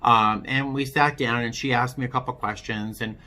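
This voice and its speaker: Bright-voiced man, halting testimony. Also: medium pitch, steady tone. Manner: halting, with frequent restarts; candid, wry storytelling. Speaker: vlogger telling his recovery story. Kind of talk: personal testimony vlog.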